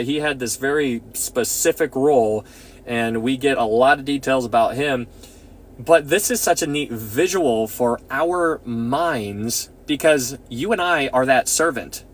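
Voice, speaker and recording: A man leading a casual Bible study, talking in an excitable, rambling way full of restarts. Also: medium pitch.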